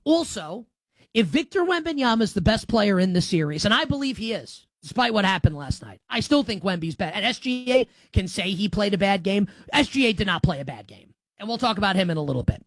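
A man's voice: high voice, expressive, fairly quick, no room sound. Emphatic sarcastic sports-talk man. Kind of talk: opinionated sports commentary.

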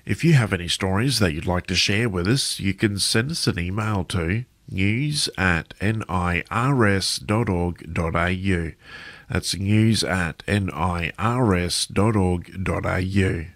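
Man, newsreader, low voice, measured bulletin, dry studio sound. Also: no echo. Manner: steady, measured delivery. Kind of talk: read radio news bulletin.

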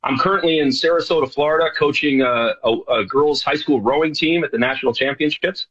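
A middle-aged man from New York chats as an interview guest. His voice is husky and a little breathy, and the sound is dull and muffled, as if over a remote link. He hesitates often and restarts his sentences. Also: a little high, fairly quick, a bit bright. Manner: hesitant, many fillers and restarts. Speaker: guest, show host and rowing coach. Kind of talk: casual interview chat.

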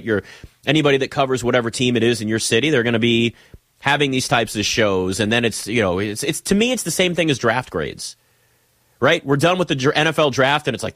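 A man's voice: mid-range voice, fairly bright tone, no echo, clean studio sound. Chatty joking sports radio host, man. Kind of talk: casual sports talk chat.

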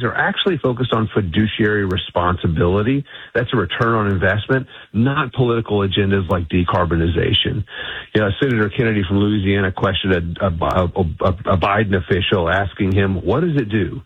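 A man's voice: fairly low pitch, slightly rough, no room sound. A man being interviewed on radio as an energy institute CEO, talking emphatically and assertively with frequent restarts. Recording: dull lo-fi radio line.

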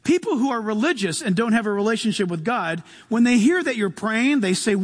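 Pastor, male, high tenor, lively sermon delivery with loud and hushed turns, long hall reverb. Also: fairly quick, few pauses. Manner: animated, shifts between loud bursts and soft hushed asides.

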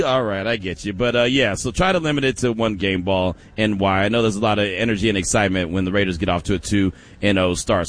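A man hosting a sports talk radio show, energetic and speaking straight to listeners, often repeating his words. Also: fairly low pitch.

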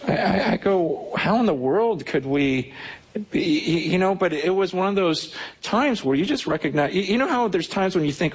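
A man preaching with a slightly high, husky voice. He tells a story in a loose conversational way, acting out the other people in it and often restarting his sentences. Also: lively intonation, normal speed. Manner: conversational, acts out quoted voices, many restarts. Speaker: pastor. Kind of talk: sermon storytelling.

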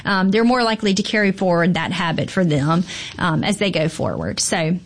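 A woman's voice: fairly low pitch, animated, moderate pace. A woman pediatrician talking casually and emphatically, with frequent fillers and repeated phrases for stress. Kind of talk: casual podcast chat.

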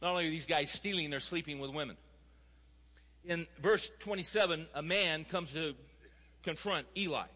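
Man preaching, high voice, bright and forceful tone, emphatic, long hall reverb. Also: normal speed. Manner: emphatic, rising to fervent exhortation. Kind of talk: sermon.

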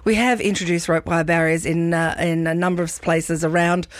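A woman's voice: on the low side, fairly even intonation, normal speed, no echo, studio quality. An Australian woman hosting a radio show, interviewing a caller in a friendly way with frequent hesitations. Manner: hesitant, friendly, with filler words. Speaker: radio host. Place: radio studio.

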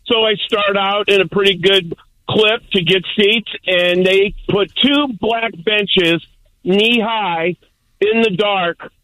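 Older male caller, gruff rambling raconteur, high-pitched, dry close sound. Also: steady tone, slow, sharp tone, no echo, poor audio. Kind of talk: casual phone-in chat.

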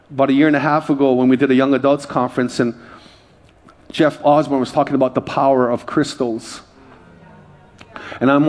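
High-voiced male pastor preaching. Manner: conversational, animated storytelling with self-corrections. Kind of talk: sermon. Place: church stage before a congregation.

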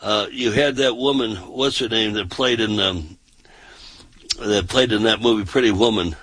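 A man's voice: fairly low pitch, moderate pace, a bit bright, husky, no room sound, rough recording. A man hosting a casual talk show, talking emphatically and often repeating himself and restarting his sentences.

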